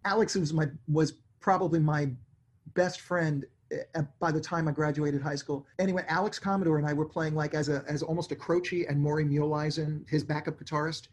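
Brief: man, 60s, from New York, lively anecdotal interview guest, slightly higher voice. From New York, USA. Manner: animated, acts out his own thoughts in quick asides. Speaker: interview guest, songwriter and producer. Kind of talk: conversational storytelling.

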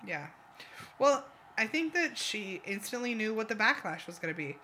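A co-host on a casual podcast, recapping a reality show with animated, exasperated asides. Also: mid-range voice, moderate pace, slight background noise.

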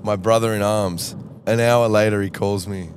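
A lower-voiced Australian man spins a lively anecdote as a podcast co-host, slipping into the voices of the people in his story. He talks in a loose, casual way. A faint engine hum sits behind him from the tour bus. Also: moderate pace. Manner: animated, acts out voices in anecdotes.

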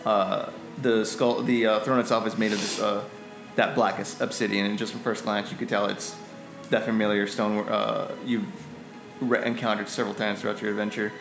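A man narrates a tabletop game as its game master, pausing often with fillers. His voice sits fairly low and echoes in the room. Faint music plays behind him. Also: little pitch movement. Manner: halting, many fillers.

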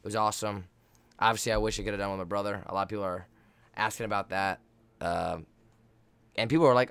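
A man's voice: lowish voice, a little fast, a bit bright. A young man hosts a laid-back podcast and tells long, wandering stories. He swears often and teases the people around him. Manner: rambling, swears freely, teasing. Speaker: podcast host. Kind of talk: casual podcast storytelling.

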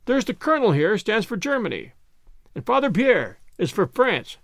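A man voicing an excited, talkative British gentleman who proposes toasts in a hearty, rambling way. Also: high voice, normal speed, no room sound, studio quality.

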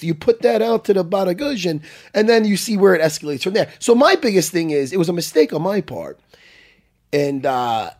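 A middle-aged man with a husky, slightly rough voice tells a story in loose, profane casual chat. His pitch swings widely as he gets worked up. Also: expressive, fairly quick, darkish tone.

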